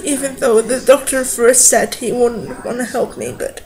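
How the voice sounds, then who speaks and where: A woman in her twenties, tearful, talking to camera in a halting confessional vlog with broken-off sentences. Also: a little high, a little mellow, soft background music, low-quality recording. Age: 20s. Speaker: vlogger.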